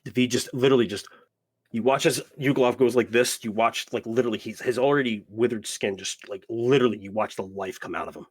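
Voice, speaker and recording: A man's voice: mid-range voice, fairly even intonation, quick pace, breathy edge. A man running a tabletop game as dungeon master, narrating in a rambling way. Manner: rambling, repeats "you watch" and "literally".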